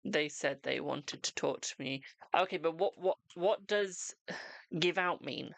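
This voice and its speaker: A man's voice: fairly high pitch, measured pace, creaky, a bit bright, no echo. A man hosting a live tarot reading stream, chatting casually with viewers and calling them darling and boo.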